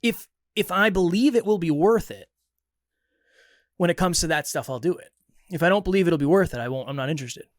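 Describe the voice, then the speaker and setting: A young adult man from Massachusetts co-hosts a podcast, chatting casually and animatedly telling a story in which he acts out the quoted dialogue. His voice runs on the high side and brisk, recorded with studio quality and no echo.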